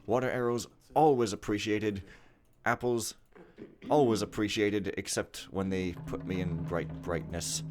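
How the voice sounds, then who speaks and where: A man's voice: low voice, steady tone, a little slow, music in the background. A man casually commenting while he plays a game, joking and sarcastic in a rambling way. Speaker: let's play host.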